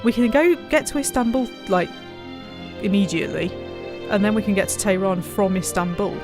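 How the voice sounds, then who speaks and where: A woman's voice: mid-range voice, expressive, moderate pace, music in the background. A woman hosting a let's play who chats casually, reads the game text aloud with playful emphasis and giggles often. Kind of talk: casual gameplay chat and reading aloud.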